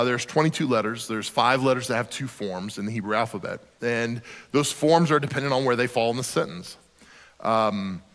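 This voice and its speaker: A man's voice: mid-range voice, fairly bright tone, big-room sound. A man, a pastor, preaching a sermon in a conversational, emphatic way with casual asides.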